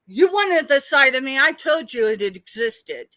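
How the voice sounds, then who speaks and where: A woman's voice: sits high, sing-song, measured pace, bright, forceful tone, dry recording. A middle-aged woman, ranting angrily and tearfully on a late-night live stream. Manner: angry, tearful, confrontational.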